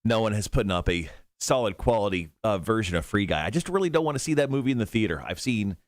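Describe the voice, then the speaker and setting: A man's voice: on the low side, no room sound, clean studio sound. A man co-hosting a radio show, chatting casually and laughing easily. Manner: animated, quick to laugh.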